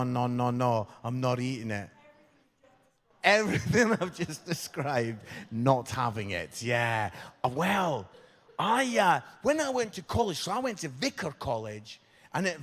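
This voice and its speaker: An English man preaching a humorous sermon, telling stories and asking the congregation questions. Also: on the high side. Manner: jokey, chatty, asks the congregation questions. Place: church hall. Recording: long reverb of a church hall.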